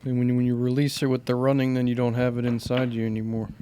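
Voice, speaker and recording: A man's voice: mid-range voice, monotone, quick pace, warm tone, slight background noise. A young man hosting a podcast, telling stories in loose, profane, laughing casual chat. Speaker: podcast host.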